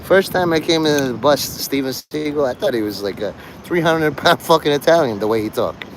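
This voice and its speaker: A man's voice: fairly high pitch, lively intonation, a little fast, slight background noise. A man rambling to his livestream chat, swearing, joking and laughing often.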